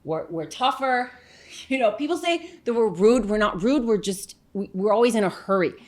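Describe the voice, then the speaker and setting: A woman from New York, a comedian guest telling stories in a casual interview, animated and chatty with lots of fillers and asides. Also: fairly high pitch, normal speed.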